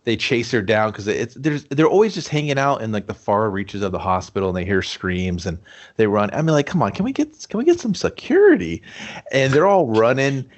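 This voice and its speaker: A man's voice: fairly low pitch, expressive, brisk. A man co-hosting a casual movie review podcast, joking and swearing as he retells scenes in mock quotes. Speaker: podcast co-host.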